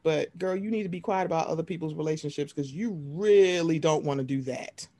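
A woman's voice: deep voice, a little fast. A woman co-hosting a podcast in casual, profane chat about reality TV, acting out what she would say to the cast. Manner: animated, profane, acts out voices in quotes. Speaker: podcast co-host.

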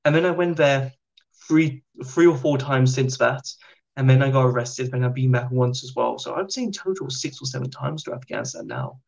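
A British man, a podcast guest, telling stories in a chatty, animated way. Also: mid-range voice, normal speed, gravelly, lo-fi sound. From Britain. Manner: chatty, animated anecdotes with slang. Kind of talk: casual storytelling.

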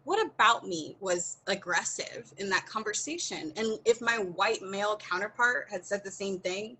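Guest spot: American woman, bright and forward voice, candid and expressive, laughs through the story. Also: medium pitch, moderate pace, hardly any pauses, a little hiss or hum, low-quality recording. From United States. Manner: earnest and expressive, often laughing mid-story. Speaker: podcast guest.

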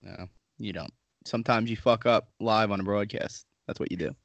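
A man's voice: fairly low pitch, moderate pace, dry recording. A man co-hosting a podcast, telling loose, profane stories in casual chat. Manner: crude, swearing, laid-back storyteller. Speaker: podcast co-host.

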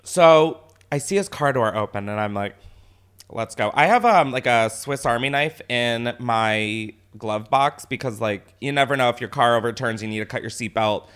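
A man casually telling a story as a podcast host, animated, swearing often and laughing as he talks. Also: mid-range voice, moderate pace, hardly any pauses, clean tone.

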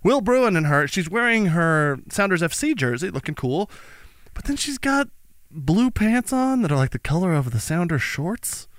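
A man co-hosting a podcast in casual chat, animated and jokey, who often slips into silly voices while telling stories. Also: sits high, moderate pace, dry recording, studio quality. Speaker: podcast co-host.

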